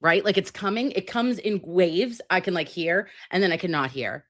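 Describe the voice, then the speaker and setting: A woman's voice: on the low side, moderate pace. A woman hosting a casual livestream chat, brassy, profane and dramatic while recovering from a sinus and ear infection. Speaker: livestream host.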